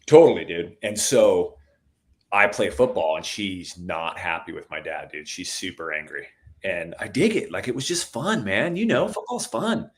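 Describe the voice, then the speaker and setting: A middle-aged man telling stories in a relaxed conversation, calling the listener "dude" a lot and getting animated at the exciting parts. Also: deep voice, normal speed. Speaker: podcast guest. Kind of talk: casual storytelling chat.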